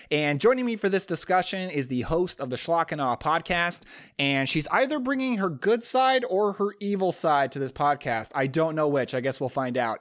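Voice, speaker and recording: A man's voice: mid-range voice, fairly bright tone. A man hosting a podcast in a casual, eager and joking chat. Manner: eager, chatty, quick to joke. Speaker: podcast host.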